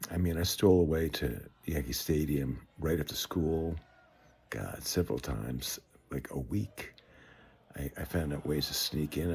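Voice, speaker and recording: A man, telling stories from his life in an unhurried, conversational way with frequent hesitations and restarts. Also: a bass voice, dark tone, husky. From the Bronx, New York. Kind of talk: reflective personal storytelling. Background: faint guitar music.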